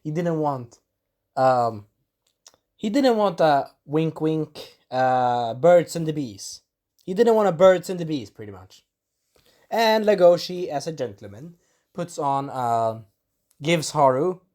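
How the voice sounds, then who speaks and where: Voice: mid-range voice, a little mellow. An anime reviewer rambling through an episode recap in casual chat, swearing and acting out quotes.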